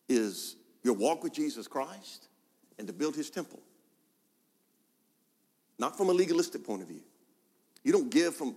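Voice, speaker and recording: A man's voice: medium pitch, a little mellow. Preaching man in a reverberant hall. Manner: rhetorical questions, emphatic repetition. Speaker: pastor. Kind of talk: sermon.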